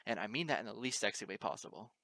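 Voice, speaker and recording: A man's voice: on the low side, lively intonation, fast, sharp tone, dry recording. A man reading the part of an easygoing, teasing female pony teacher, in a breezy, sarcastic, pushy way. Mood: persuasive. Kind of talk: amateur audiobook reading.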